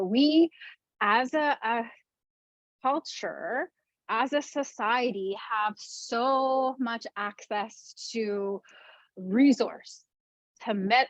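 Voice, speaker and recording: A woman leading a wellness webinar on a video call, speaking gently and reflectively with slow stresses. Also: medium pitch, dry recording, muffled recording. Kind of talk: webinar talk with storytelling.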